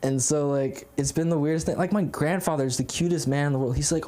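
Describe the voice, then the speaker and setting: On a comedy club stage, a young stand-up comic works through an open-mic set, rambling, self-deprecating and full of fillers. He speaks fairly quickly in a warm voice on the high side.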